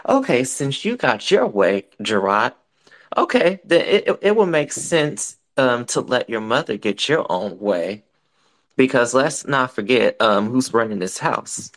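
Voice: medium pitch, animated, measured pace. Hesitant caller in a live audio chat.

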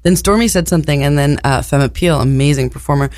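A woman's voice: low-pitched, quick pace, darkish tone, no echo, clean studio sound. A woman co-hosting a bawdy, casual chat show, talking in a crude, playful way and laughing often. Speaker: podcast co-host.

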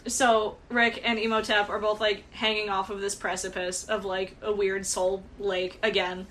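A woman co-hosting a podcast, chatting about a movie in a casual, animated way and swearing often. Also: medium pitch, normal speed, slight background noise. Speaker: podcast co-host. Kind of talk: casual movie recap chat.

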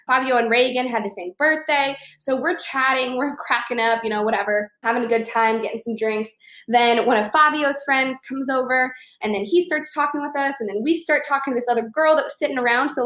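A young woman from Chicago telling a travel story and giving social tips in a chatty, animated way with lots of fillers. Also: fairly high pitch. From Chicago, USA. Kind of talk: casual storytelling to camera.

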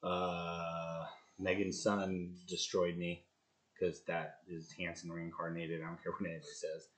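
A man in his thirties with a fairly low voice tells a hard story in an interview. He talks bluntly and swears freely. His level jumps from loud bursts down to quiet mutters. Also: completely flat delivery, a little slow. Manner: blunt, profane, swings between loud outbursts and low mutters. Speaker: podcast guest, former Marine.

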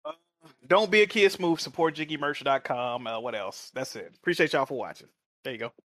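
A man co-hosting a casual podcast, retelling stories in an excitable, rapid way. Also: mid-range voice, dry recording, studio quality. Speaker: podcast co-host. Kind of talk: casual chat.

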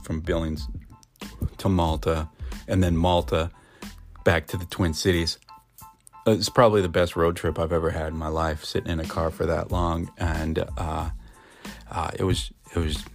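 A man's voice: low voice, little pitch movement, normal speed, long pauses, faint music behind. A middle-aged man from Montana telling a rambling story casually, full of fillers and restarts.

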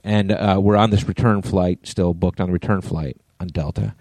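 A middle-aged man co-hosting a podcast, telling a profane, animated story in casual chat. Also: low-pitched, moderate pace, no room sound. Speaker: podcast co-host.

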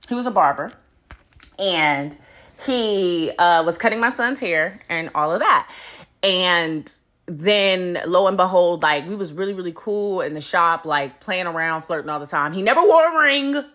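Animated, profane woman ranting on her podcast. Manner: blunt and profane, swinging between loud emphasis and low muttering; laughs between points. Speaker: podcast host. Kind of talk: casual solo podcast rant.

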